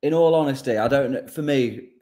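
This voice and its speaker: A relaxed man from Lincolnshire with an English accent, a motorcycle racer chatting casually in an interview. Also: mid-range voice, brisk, over a noisy crowd. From Lincolnshire, England.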